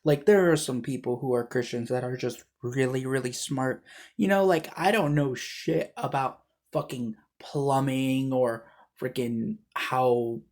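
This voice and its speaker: A man's voice: medium pitch, a little slow, darkish tone. A man chatting casually as he reacts to a video, rambling with many fillers. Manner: rambling, laughing, filler-heavy.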